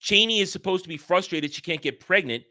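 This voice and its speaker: Man, bright forceful voice, slightly high, animated, rambling, casual movie chat. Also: fairly quick. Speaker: podcast host.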